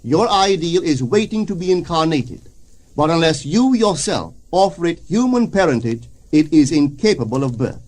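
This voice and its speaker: A man reading a spiritual lecture aloud in a measured, solemn way, slowing down for quoted passages. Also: on the high side, animated, a little mellow.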